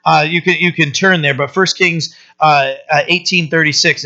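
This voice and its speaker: A man with a fairly high, bright voice preaches in a loose, conversational way, often stumbling back over his words and tagging lines with "right?". The recording is dull and lo-fi. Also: steady tone, moderate pace, few pauses. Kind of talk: conversational sermon.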